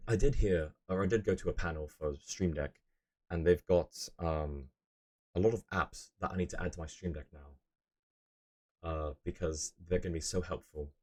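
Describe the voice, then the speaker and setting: Low-voiced man chatting on a live stream. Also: moderate pace, darkish tone. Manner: rambling, answers chat messages as he talks. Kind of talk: casual live-stream chat.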